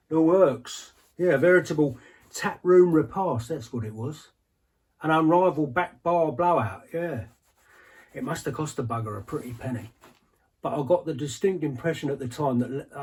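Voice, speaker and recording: A man's voice: mid-range voice, darkish tone, slightly rough. An actor playing an aging ex-henchman, rambling through a colloquial barroom monologue in an audio drama, full of asides to the listener.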